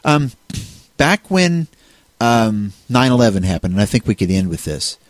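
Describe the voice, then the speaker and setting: A man's voice: fairly low pitch, very animated, normal speed, dry recording. A man co-hosting a casual discussion on faith, talking in a rambling way with many restarts and fillers. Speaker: co-host.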